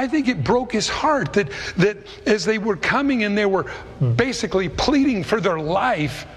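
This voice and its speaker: Animated preacher with a high, lively voice. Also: male voice. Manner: conversational storytelling, animated. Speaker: pastor. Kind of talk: sermon. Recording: long hall reverb.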